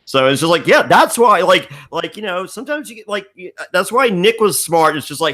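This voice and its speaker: A man's voice: high voice, very animated, fairly quick, few pauses, a bit bright. Stammering, laughing man on a podcast. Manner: rambling, stammering storyteller who laughs often and acts out voices. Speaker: podcast guest. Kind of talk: casual podcast chat.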